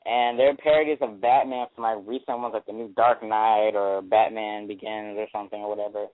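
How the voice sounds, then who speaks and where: A man's voice: on the low side, little pitch movement, fairly quick, no echo. A young man co-hosting a casual movie review show, rambling and joking with lots of restarts. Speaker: podcast co-host. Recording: tinny phone-like lo-fi sound.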